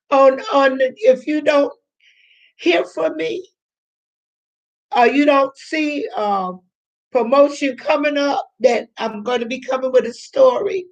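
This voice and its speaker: Older woman, channel host, emotional and near tears, slow high delivery. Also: rough recording. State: tearful. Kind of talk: live-stream chat with viewers.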